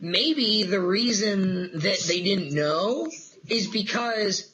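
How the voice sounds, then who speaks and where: A man from the East Coast co-hosting a casual podcast debate, acting out park staff in quick voices. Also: sits high, pushed and bright, husky, low-quality recording. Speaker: podcast co-host.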